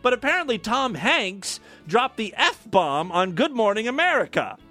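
A man's voice: high voice, very animated, measured pace, sharp tone, faint music behind. A man hosting a podcast, giving casual news commentary with irreverent, crude jokes and frequent laughs. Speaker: podcast host.

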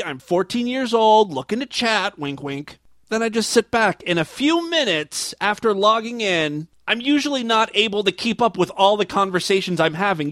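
A man's voice: high voice, fairly bright tone, dry recording, studio quality. A man hosting a comedy show, telling a story in a wry, self-mocking way. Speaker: show host. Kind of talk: comedic monologue.

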